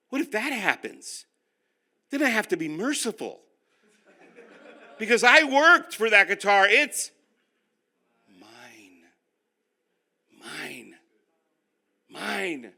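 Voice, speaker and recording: A man's voice: high-pitched, big pitch swings, measured pace, pauses often, pushed and bright. A male pastor teaching a class, who tells stories with self-mocking humor and speaks straight to the room. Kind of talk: humorous sermon-style teaching.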